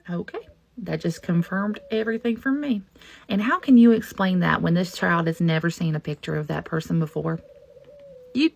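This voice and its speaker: A woman's voice: fairly low pitch, normal speed, vocal fry. A woman telling a personal ghost story in a folksy, confiding way. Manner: folksy, confiding, animated when quoting others. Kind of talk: casual personal storytelling to camera.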